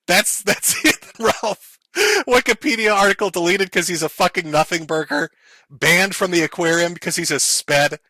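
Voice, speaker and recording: Male commentary host: high bright voice, dry close sound, crude and mocking delivery with frequent laughs. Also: dry recording. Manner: profane, sneering, laughs often.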